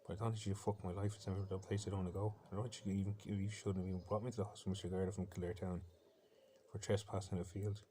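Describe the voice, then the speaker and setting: An intense Irish man rambles through a defiant personal monologue at a fast clip. His voice sits low and stays flat, with little rise or fall. Faint bird sounds play on a laptop behind him. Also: slight background noise.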